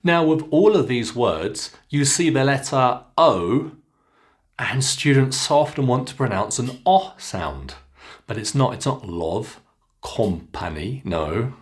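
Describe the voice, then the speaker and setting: A man with a British English accent teaching pronunciation, saying single words slowly and clearly for learners to repeat. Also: medium pitch, animated. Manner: slow, clearly enunciated drilling of single words. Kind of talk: follow-along pronunciation lesson.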